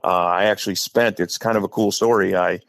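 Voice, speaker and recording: A middle-aged man from Wisconsin with a low, gravelly voice, talking on a podcast as a guest coach. He tells long, chatty stories and slips into voices for the people in them. The sound is close and dry. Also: fairly even intonation, fairly quick, a bit bright, no echo. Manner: talkative, acts out quotes in stories. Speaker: high school head football coach, podcast guest. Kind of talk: casual storytelling.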